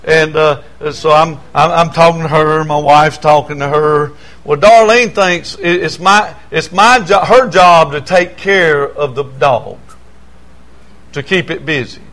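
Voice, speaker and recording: A man's voice: a little high, measured pace, fairly bright tone. An older man preaching a sermon, telling folksy stories with many stammering restarts. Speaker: pastor.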